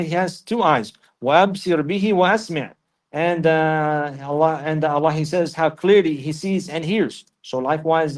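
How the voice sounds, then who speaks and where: A male Islamic teacher with a fairly high-pitched voice leads a religious lesson. After reciting Arabic verses he explains them in English, repeating phrases regularly for emphasis.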